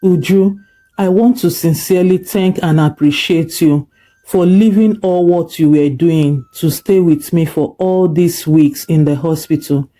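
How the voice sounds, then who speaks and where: A narrator voicing a gentle, kind father. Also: mid-range voice, unhurried, faint music behind, close to an everyday voice.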